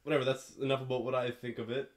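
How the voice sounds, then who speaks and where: A young man hosting a casual podcast chat, relaxed and rambling, with lots of fillers. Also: medium pitch, rapid-fire. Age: young adult. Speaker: podcast host.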